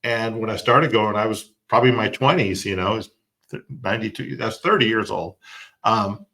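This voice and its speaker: A man in his sixties, a podcast guest, reflecting in an unhurried way with fillers in casual conversation. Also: lowish voice, pushed and bright. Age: 60s.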